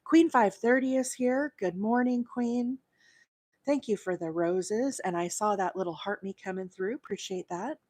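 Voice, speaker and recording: A woman's voice: mid-range voice, a little mellow. Brief: woman host from Alabama, live crochet demo, chatty and patient, mid-range voice. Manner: friendly, greets viewers by name while counting stitches.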